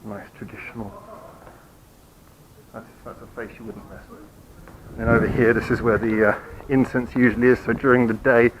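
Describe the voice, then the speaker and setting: A man's voice: fairly low pitch, a little hiss or hum, poor audio. A man hosting his channel, giving a rambling, apologetic update while walking outdoors at night and filming on a handheld camera, hiccuping now and then. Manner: rambling, apologetic, self-mocking. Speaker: channel host. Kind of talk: casual walking vlog update. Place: quiet city street at night, outdoors.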